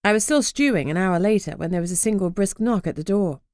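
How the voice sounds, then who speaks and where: A woman's voice: mid-range voice, quick pace, a little mellow, no room sound, clean studio sound. A woman narrating a first-person urban fantasy audiobook in a wry, sardonic way.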